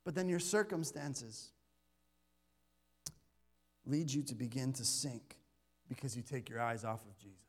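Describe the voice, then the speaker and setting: A man's voice: mid-range voice, a little slow, pauses often. A man preaching a sermon and reading scripture in a conversational way, with light self-deprecating humor and stammered restarts. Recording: long hall reverb.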